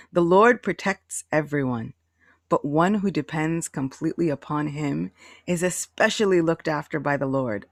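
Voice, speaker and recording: A woman's voice: deep voice, vocal fry, no room sound, studio quality. A woman leading a devotional class over a video call, telling stories and acting out quotes as she explains. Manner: storytelling, with acted-out quotes.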